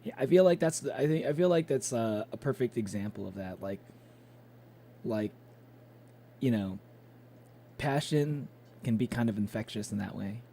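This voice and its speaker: A man's voice: mid-range voice, animated, normal speed, vocal fry, long pauses, warm tone, a little hiss or hum. A young man chatting casually with his live-stream chat, loose and swearing, with plenty of fillers.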